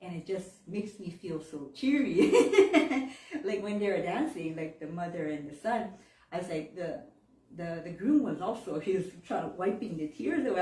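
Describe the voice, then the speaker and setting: Woman, 40s, sermon, warm chatty talk with laughs, roomy echo, distant mic. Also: lowish voice, expressive, moderate pace. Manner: laughs often, mixes in Japanese phrases, chatty and heartfelt. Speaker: minister. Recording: echoey room, mic far off.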